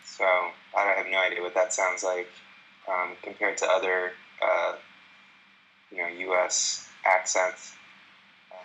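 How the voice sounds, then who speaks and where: A man's voice: low-pitched, monotone, a little slow, long pauses, bright, forceful tone, slight background noise, low-quality recording. A man from Colorado with a General American accent, calling in to a spiritual talk, hesitant and self-deprecating with nervous laughter. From Denver, Colorado. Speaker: caller. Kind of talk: casual conversation.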